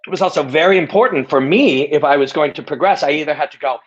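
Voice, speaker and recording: The recording is lo-fi, and the man's voice is a little high and fast. Hosting a live Q&A show, this middle-aged speaker gives a casual monologue, blunt and emphatic, cursing freely and restating his points.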